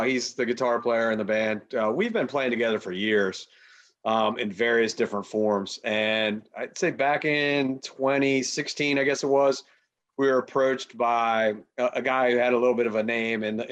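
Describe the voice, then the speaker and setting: A man guest on a podcast, a rock bassist, chatting in a laid-back way and laughing easily. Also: a bit bright, dull audio. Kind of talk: casual chat.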